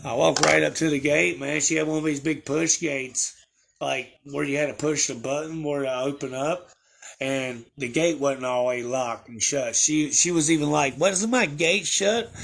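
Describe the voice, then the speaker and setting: Gravelly-voiced man rambling to his viewers. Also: mid-range voice, steady tone, normal speed, a bit bright. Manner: rambling storytelling with crude slang and fillers. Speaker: livestreamer. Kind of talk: casual chat to viewers.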